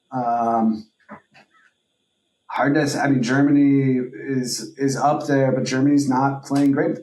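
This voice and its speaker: A man's voice: medium pitch, darkish tone. Rambling man in an echoey room. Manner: rambling, heavy on filler words, profane. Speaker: podcast co-host. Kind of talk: casual chat.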